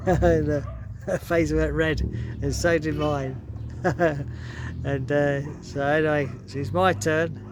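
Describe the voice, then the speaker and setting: A man's voice: a little high, fairly even intonation, slow pace, noisy background. A man vlogging a casual story, chuckling often and rambling through restarts.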